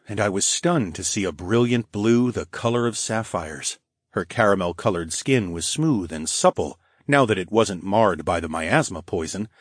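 Low-voiced man narrating an audiobook. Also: husky, no room sound, studio quality. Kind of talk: first-person fantasy audiobook narration.

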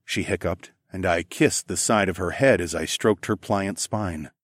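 Deep-voiced man narrating an erotic audiobook. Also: a little slow, no echo, clean studio sound.

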